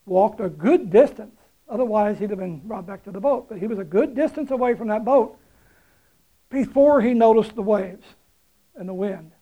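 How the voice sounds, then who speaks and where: A male preacher delivering a sermon in a warm, mellow voice. He tells the story conversationally, with little chuckles, and leans on repeated phrases for emphasis. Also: sits high, poor audio.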